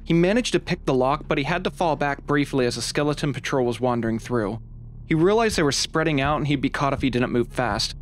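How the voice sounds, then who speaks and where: A man's voice: medium pitch, animated, brisk, slight background noise. A man hosting his channel, telling an adventure story from a game playthrough in an upbeat, dramatic storytelling manner. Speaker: channel host and narrator.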